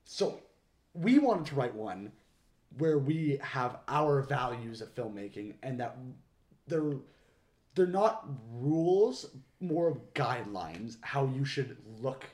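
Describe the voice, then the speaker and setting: A young man co-hosting a casual film podcast, excitable and quick to laugh, often restarting his sentences. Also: medium pitch. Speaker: podcast co-host. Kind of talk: casual chat.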